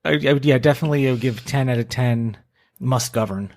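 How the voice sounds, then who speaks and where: A man co-hosting a podcast, giving playful, joking shout-outs and show announcements in casual chat. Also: medium pitch, fast. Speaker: podcast co-host.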